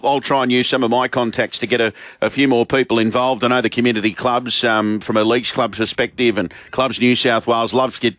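An Australian man hosts a sports radio show in an easygoing, matey way. He talks close to the mic, with a dry studio sound and no room echo. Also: medium pitch. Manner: relaxed, matey. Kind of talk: casual radio chat.

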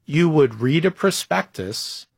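Husky, dry-voiced man in his fifties. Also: a little high, lively intonation, a little slow, dry recording. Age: 50s. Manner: thoughtful, self-deprecating, restarts phrases. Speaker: guest executive. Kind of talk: conversational interview answers.

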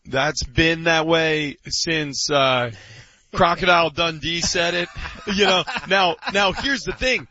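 A man on a sports talk panel, speaking haltingly with a wry tone. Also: fairly high pitch, bright, forceful tone, no room sound, dull audio. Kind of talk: casual sports chat.

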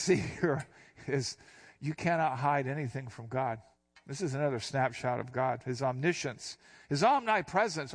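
A middle-aged or older man, a pastor, gives an expository Bible teaching in a conversational way, with casual asides and slow, deliberate reading of scripture passages. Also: a little high.

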